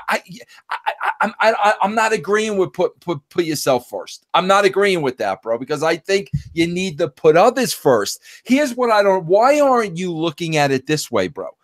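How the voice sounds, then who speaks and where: A man hosting a casual podcast conversation, pressing his points and addressing his guest over and over as bro. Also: fairly high pitch. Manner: animated, keeps saying "bro". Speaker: podcast host.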